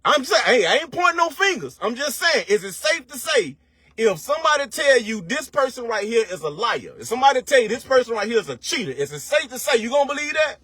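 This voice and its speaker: High-voiced man preaching in slang. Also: very animated, bright, forceful tone, slightly rough, no room sound. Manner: rhetorical questions, profane, street slang; preachy, drawn-out emphasis. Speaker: online commentator. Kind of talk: casual motivational rant to camera.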